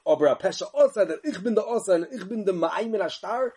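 Animated man giving a lecture. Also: high-pitched, breathy edge. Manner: animated sing-song learning chant, quick asides, rhetorical questions. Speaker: Talmud teacher. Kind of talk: yeshiva-style Talmud lecture.

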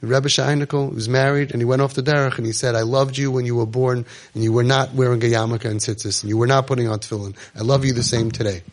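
A man's voice: fairly even intonation, fast talker, few pauses. Emotional man speaking to parents. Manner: emotional, acts out parent and child voices, drops to soft low tones. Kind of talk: impassioned talk to parents.

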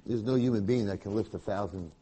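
A man voicing a desperate woman pleading urgently for help, in a husky voice. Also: lowish voice, fast, dark tone, pitched below the performer's own voice, rough recording.

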